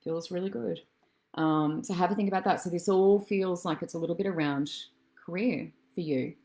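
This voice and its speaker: A woman as a psychic medium doing a live-stream reading. She chats with viewers, calls them darling and love, and wanders through her thoughts with soft fillers. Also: fairly low pitch, moderate pace. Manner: chatty and meandering, many soft fillers.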